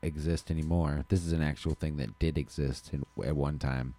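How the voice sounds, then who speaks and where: A man's voice: a bass voice, steady tone, moderate pace, warm tone, no room sound. A man from Alaska co-hosting a podcast, chatting in a laid-back, slangy way and swearing freely. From Kenai Peninsula, Alaska. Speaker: podcast co-host. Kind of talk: casual chat.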